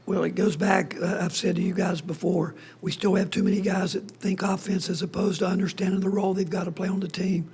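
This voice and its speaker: A man speaking as a basketball head coach at a postgame press conference, hoarse with his voice nearly gone, in a breathy half-whisper that keeps stopping and restarting sentences. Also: high-pitched, flat delivery, a little mellow. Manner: halting, restarts sentences often.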